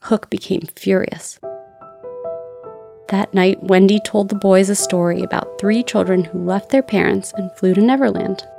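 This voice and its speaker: A woman narrating a children's storybook in a clear, steady storytelling voice. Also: mid-range voice, moderate pace, music in the background.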